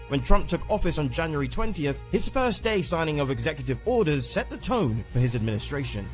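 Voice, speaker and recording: A man reading a scripted news explainer in an even, polished way. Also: a little high. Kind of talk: scripted narration. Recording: narration with faint music under it.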